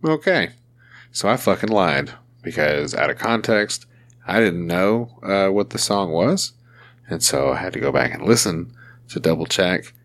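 A man with a very deep voice hosts a podcast and tells stories in an animated, profane way. Faint music plays behind him. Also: unhurried. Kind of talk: casual podcast chat.

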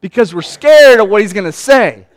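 Pastor de voz aguda, pregando com animação. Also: male voice, high voice, moderate pace, dry recording. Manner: conversational, animated, acts out quoted lines. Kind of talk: sermon.

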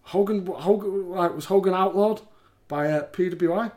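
A man's voice: high voice, normal speed, a little mellow. Laughing man recapping wrestling. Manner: laughs often, reads out rankings. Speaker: podcast host. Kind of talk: casual chat and wrestling recap.

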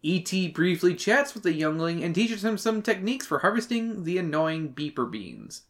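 A man's voice: high voice, big pitch swings, moderate pace, a bit bright. Guy summarizing a book on a podcast, swears a ton, super bouncy voice. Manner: crude, joking, swears a lot, reads chapter summaries. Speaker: podcast co-host. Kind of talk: casual book-review chat.

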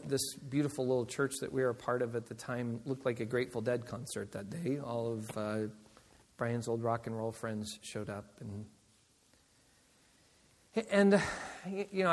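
A man, a pastor, tells stories in a sermon with animated delivery and frequent laughter. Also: mid-range voice. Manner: animated storyteller, laughs often. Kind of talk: sermon storytelling. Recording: long reverb of a large hall.

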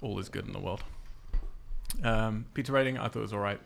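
A man from England hosts a casual podcast chat. His voice has a gravelly creak. He rambles loosely and laughs often. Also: fairly low pitch, quick pace, heavy background noise. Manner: laughs often, chatty, frequent "like" and "uh". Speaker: podcast host.

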